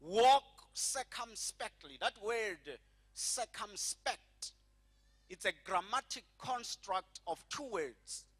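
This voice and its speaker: A middle-aged man preaching a sermon as pastor, slowing and stretching key phrases and having the congregation repeat after him. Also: high voice, expressive, slightly rough.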